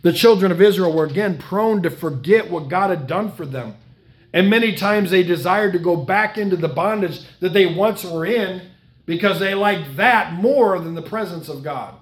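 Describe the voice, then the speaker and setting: A man's voice: high-pitched, normal speed, roomy sound. A man preaching a sermon, earnest and pleading, reading scripture aloud and dwelling on repeated phrases. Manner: earnest, pleading, reads scripture aloud in old-style wording.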